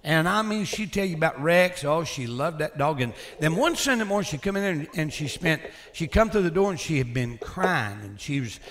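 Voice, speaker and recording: Older guy spinning folksy stories, kinda high voice, animated and chuckly. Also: a little fast, hardly any pauses, slight background noise. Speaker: former pastor and builder. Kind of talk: casual storytelling.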